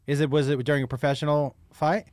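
A man's voice: fairly high pitch, little pitch movement, fast, darkish tone, no echo, clean studio sound. A man hosting a podcast, asking curious questions in a casual interview and sharing his own views. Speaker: podcast host.

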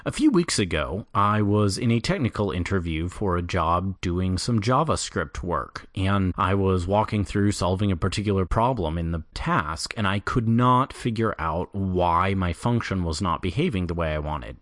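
A man hosting a solo podcast, talking in a measured, explanatory way with a light self-deprecating touch. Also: sits low, animated, a bit bright, dry recording, studio quality. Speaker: podcast host. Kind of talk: solo scripted podcast monologue.

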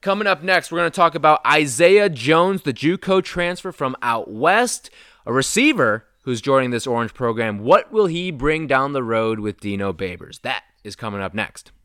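Animated young man hosting a dry sports show. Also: moderate pace, clean tone, no room sound. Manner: animated, excitable, jumps in pitch when worked up. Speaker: sports talk show host. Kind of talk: casual sports talk.

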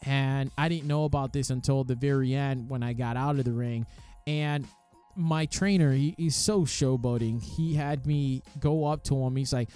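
A man casually telling the story of his amateur boxing match, lively and animated, acting out the quoted voices and swearing freely. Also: mid-range voice, normal speed, clear, resonant tone, soft background music.

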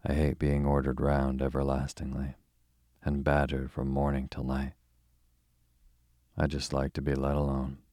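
A sulky young boy from a storybook, grumbling and resentful, as a man reads him in his own very deep, flat voice. The delivery stays low and even, close and dry. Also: unhurried, no echo.

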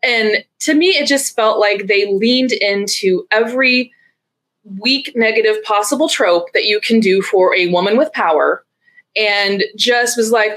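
A woman's voice: medium pitch, unhurried, a bit bright. A woman in a casual podcast chat, critiquing passionately and acting out quoted lines.

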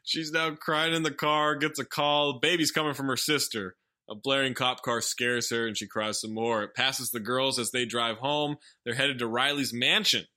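A man co-hosting a casual podcast, narrating a movie plot in quick deadpan summaries and swearing casually. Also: medium pitch. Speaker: podcast co-host recapping a movie. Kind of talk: casual comedic movie recap.

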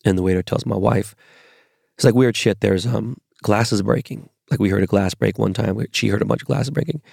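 A man with a low, heavily gravelly voice tells a rambling, profanity-laced story in a casual monologue. The sound is close and dry. He comes from Los Angeles and talks like a podcast host chatting with his listeners. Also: fairly quick, darkish tone, no echo.

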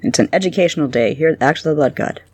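A woman's voice: low voice, lively intonation, very fast, a little mellow, husky, dry recording. A woman from Canada co-hosting a casual podcast chat, agreeable and easygoing, laughing often. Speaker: podcast co-host.

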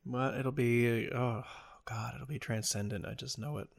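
A man's voice: medium pitch, steady tone, normal speed, vocal fry. A man co-hosting a podcast in casual, joking chat, swearing freely and riffing on ideas. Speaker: podcast co-host.

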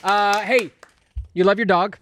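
A man's voice: sits high, fairly even intonation, unhurried, fairly bright tone, a little hiss or hum. A man hosting a podcast, teasing his co-hosts and reading an ad in an upbeat way. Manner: upbeat, teasing, runs the segments. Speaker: podcast host. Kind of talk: casual chat and ad read.

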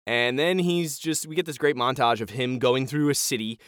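A man's voice: mid-range voice, moderate pace, smooth, dry recording, clean studio sound. A man co-hosting a podcast, retelling a TV episode in casual chat and acting out the lines as he goes. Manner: animated retelling with acted-out quotes. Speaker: podcast co-host.

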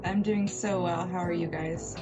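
A woman telling a story as a podcast guest from her home, lively, laughing often and acting out voices. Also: on the low side, normal speed, highs cut off, music in the background. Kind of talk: casual storytelling interview.

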